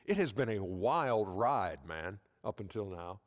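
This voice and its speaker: A man's voice: fairly low pitch, expressive, unhurried. A man hosting a sports studio show in a video game, upbeat and wry.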